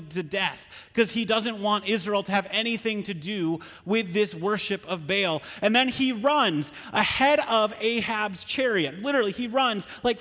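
A pastor preaching a sermon, retelling a story with frequent rhetorical questions. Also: male voice, high voice, a bit bright, long reverb tail.

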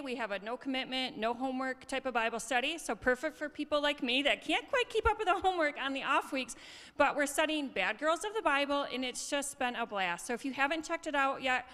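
A woman's voice: sits high, sharp tone. A woman giving friendly, informal announcements in a church, chatty and upbeat. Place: church sanctuary. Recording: hall reverb.

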